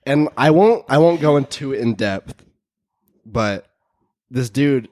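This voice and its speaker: A man's voice: mid-range voice, slow, no room sound, studio quality. A young man co-hosting a podcast, retelling stories animatedly and acting out what people said. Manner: animated retelling, acts out quotes with laughter. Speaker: podcast co-host. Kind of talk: casual chat.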